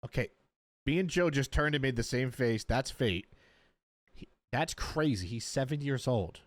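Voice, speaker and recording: A man's voice: medium pitch, moderate pace, a little hiss or hum. A young man streaming a reaction to a TV episode, talking casually with disbelief and rambling restarts. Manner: animated, incredulous, rambling with restarts. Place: home streaming setup.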